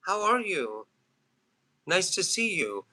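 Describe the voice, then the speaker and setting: Bright-voiced man in his fifties. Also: high-pitched, very animated, slow pace. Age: 50s. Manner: laughs often, talks back to chat comments. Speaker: live streamer. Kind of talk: rambling casual live stream chat. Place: home, near a trailer.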